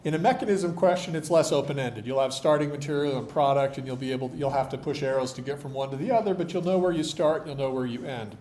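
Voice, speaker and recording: A man's voice: medium pitch, fast, hardly any pauses, a little mellow, slight background noise. A man lecturing a university chemistry class, explaining with dry jokes, his voice tired. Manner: explanatory, dryly joking. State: tired voice, occasional coughing.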